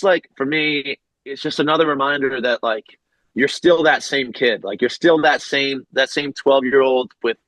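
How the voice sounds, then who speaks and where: A man's voice: medium pitch, fairly bright tone, no room sound, low-quality recording. A young man in his twenties, a guest in a casual interview, speaking earnestly and from the heart with lots of "like". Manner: earnest, heartfelt, many fillers like "like". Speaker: guest, baseball pitcher.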